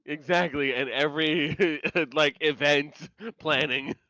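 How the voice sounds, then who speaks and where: Smooth, bright man with wry recap jokes. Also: fairly high pitch, steady tone, takes it slowly, no echo. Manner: wry, riffs on jokes, laughs along. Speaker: podcast co-host. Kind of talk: casual episode recap chat.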